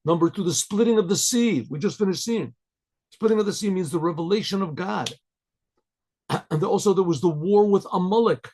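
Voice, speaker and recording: A rabbi teaching a Torah class in a loose, halting way, repeating words and often clearing his throat. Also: high voice, a little mellow, slight background noise. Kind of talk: informal Torah lecture.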